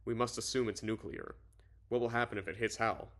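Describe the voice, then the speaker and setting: A man's voice: on the low side, steady tone, brisk, fairly bright tone, natural voice. A man reading a tense male president. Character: worried male president on the phone.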